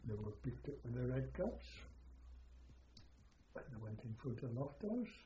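An older man, a war veteran, slowly recounting his memories in a halting way with many pauses during an interview. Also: mid-range voice, sing-song, warm tone, slight background noise. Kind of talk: oral history recollection. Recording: echoey, dull archival interview tape.

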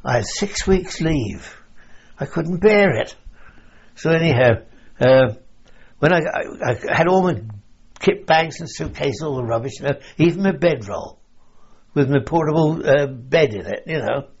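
A man's voice: a little high, expressive, measured pace, breathy edge. An older man from England, telling wartime memories in a rambling oral-history interview, chuckling and saying "you see" as he goes. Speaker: veteran interviewee. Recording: dull lo-fi recording.

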